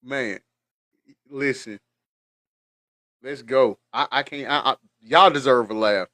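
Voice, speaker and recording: On a casual reaction show, a host with a mid-range voice talks slowly to his viewers while laughing hard, teary and sniffling. He is animated and chatty throughout. The recording is dry.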